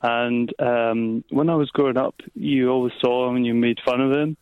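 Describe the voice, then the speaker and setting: A man calling in to a late-night radio show on the phone, telling a story haltingly with many restarts. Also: medium pitch, steady tone, clean tone, no room sound. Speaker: caller. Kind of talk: phone-in chat. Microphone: phone line. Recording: dull phone-line audio.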